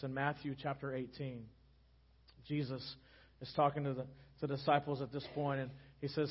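A pastor preaching a sermon, telling it as a gentle story and dropping soft and low on key phrases. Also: male voice, little pitch movement, brisk, husky, dull audio. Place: church sanctuary.

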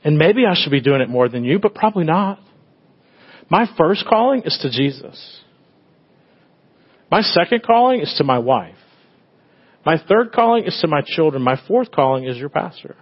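Conversational pastor preaching, slightly dull sound. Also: male voice, on the high side, very animated, normal speed, long pauses, slightly rough. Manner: conversational and storytelling, swinging from loud bursts to hushed tenderness. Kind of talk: sermon.

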